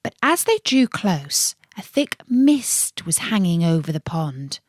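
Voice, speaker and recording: A woman narrating a children's story in a playful, expressive way. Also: lowish voice, takes it slowly. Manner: warm, playful, expressive reading.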